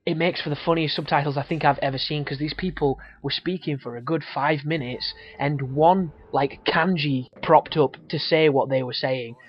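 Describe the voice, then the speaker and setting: Man, gameplay commentator, rambling, profane, slightly high voice, dull recording. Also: fairly even intonation, normal speed, hardly any pauses, slight background noise. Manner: rambling, profane, laughs often. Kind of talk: casual let's-play commentary. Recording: dull lo-fi audio.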